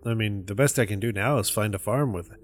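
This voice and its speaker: Deadpan joking tabletop player. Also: male voice, fairly low pitch, brisk. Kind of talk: casual tabletop role-play.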